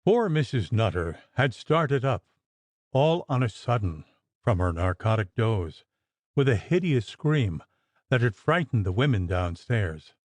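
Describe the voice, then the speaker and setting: A man narrating a gothic audiobook in a measured, expressive storytelling manner. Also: medium pitch, no echo.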